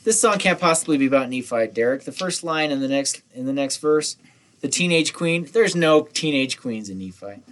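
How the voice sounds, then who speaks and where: A man's voice: mid-range voice, animated, brisk, few pauses. A man co-hosting a podcast who playfully argues and teases in a casual chat. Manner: teasing, playfully argumentative. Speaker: podcast co-host.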